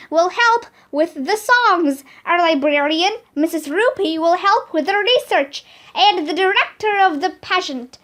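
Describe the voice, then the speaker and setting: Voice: very high-pitched, sharp tone. A reader narrating a children's chapter book aloud, reading carefully.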